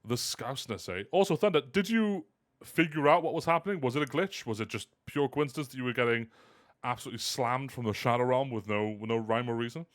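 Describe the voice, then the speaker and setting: A man hosting a casual live stream, animated and self-mocking, often laughing. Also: mid-range voice, fairly quick. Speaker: host.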